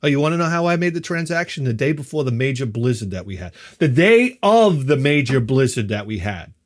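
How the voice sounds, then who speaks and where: A man's voice: mid-range voice, big pitch swings, fairly quick. A middle-aged man, telling a story in a wry, exasperated and profane way. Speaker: vlogger.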